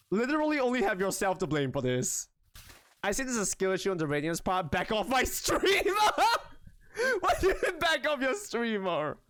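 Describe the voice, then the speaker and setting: A man live-streaming a game, chatting casually with his viewers in an excitable, animated way and swearing freely. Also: high voice, dry recording.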